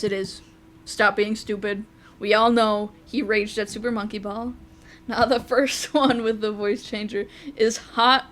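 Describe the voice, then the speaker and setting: A young woman streaming a game live, chatting casually, laughing a lot and swearing freely. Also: on the high side. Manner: giggly, laughs often, crude.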